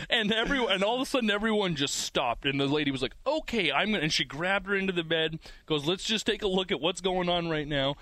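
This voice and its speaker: A man telling a dramatic personal story in casual conversation, acting out the quotes in an animated way. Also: sits high, a little fast, few pauses, noisy background. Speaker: guest telling a birth story.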